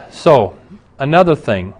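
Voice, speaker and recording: A middle-aged man preaching a sermon for a broadcast show. He speaks in an ordinary middle register, earnest and emphatic, building to stressed points and dropping back to a quieter, conversational tone. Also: medium pitch, big pitch swings, slow pace. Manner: earnest, emphatic preaching with rising and falling intensity. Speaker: pastor.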